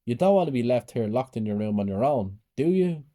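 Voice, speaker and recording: A man's voice: mid-range voice, expressive, brisk, lightly acted. A man doing a harsh stepmother. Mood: scolding. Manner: sharp and scolding.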